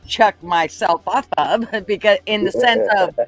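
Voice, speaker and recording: A man's voice: high-pitched, unhurried, gravelly, a bit bright, dry recording. A man in a casual live chat, speaking earnestly and reflectively, with some swearing.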